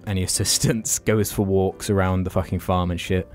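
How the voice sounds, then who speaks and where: A man's voice: deep voice, little pitch movement, normal speed, darkish tone, faint music behind. A man co-hosting a podcast, telling a story in casual chat, frank and sweary, with many restarts. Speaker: podcast co-host.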